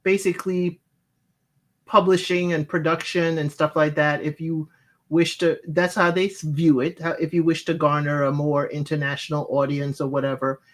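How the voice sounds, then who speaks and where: An American speaker with West Indian roots co-hosting a casual chat, explaining things in a measured way with frequent fillers. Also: medium pitch, little pitch movement.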